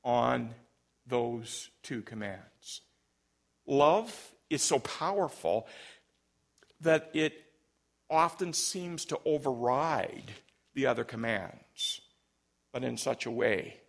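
A man's voice: medium pitch, vocal fry. A man, a pastor, preaching an emphatic sermon and telling stories. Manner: emphatic, storytelling, big swings in loudness.

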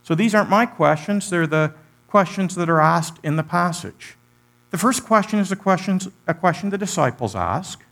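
A man preaching a sermon, animated, with sweeping pitch swings and rhetorical questions to the congregation. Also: moderate pace, creaky. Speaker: pastor.

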